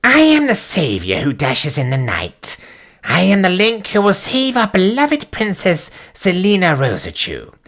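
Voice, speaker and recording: A man voicing a grandiose male electric hedgehog hero in a live storybook reading, declaiming slowly and pompously. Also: sits high, huge pitch swings, fairly bright tone, full character voice. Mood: heroic.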